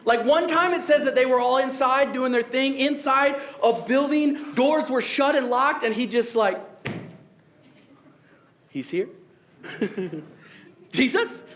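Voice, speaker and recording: Young male pastor, high voice, casual jokey sermon, laughs at own jokes. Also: moderate pace, few pauses, fairly bright tone, slight background noise.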